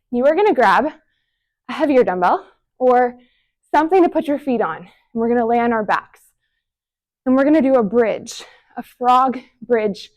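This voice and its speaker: A young woman with a slightly high voice coaching a home workout. She is out of breath and puffs between cues. She counts down sets and cheers the listener on. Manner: encouraging, counting down reps between short breathy exhales. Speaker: fitness instructor. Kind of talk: follow-along workout instruction.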